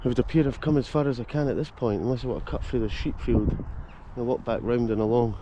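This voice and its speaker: A Scottish man of middling pitch talks into a handheld camera as he strolls through a village, chatty and quick with jokey asides. Faint traffic and outdoor ambience sit behind him. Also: steady tone. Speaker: vlogger and host. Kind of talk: casual walking vlog. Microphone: handheld camera mic.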